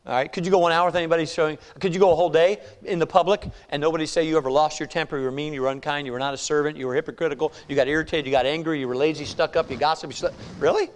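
A male pastor preaching a sermon, reading scripture slowly and pressing his point with rhetorical questions. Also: fairly high pitch, steady tone. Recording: long reverb of a hall.

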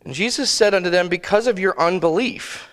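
A man preaching a sermon in a conversational way, thinking aloud with restarts and slowing to give quoted scripture weight. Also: sits high, fairly bright tone, big-room sound. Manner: slow, emphatic phrasing of quoted scripture.

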